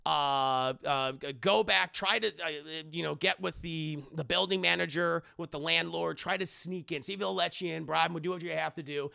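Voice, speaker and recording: A man puts on a blustering newspaper editor who rattles off orders in a rambling rush. The voice sits high and gravelly, bright and edgy. It is a quick retelling, close to the speaker's own voice. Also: full character voice. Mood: bossy.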